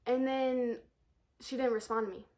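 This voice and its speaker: A teenage girl, a high school student, telling a storytime vlog in an exasperated, animated rant, repeating herself and swearing. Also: moderate pace. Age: teens. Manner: exasperated, animated ranting with frequent swearing and repetition.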